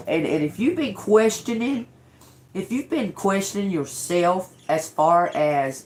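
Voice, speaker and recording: In a mid-range, darkish voice with lively intonation, a woman gives her viewers a casual tarot reading at an unhurried pace. She's blunt and emphatic, swears freely, and keeps checking in with "okay?"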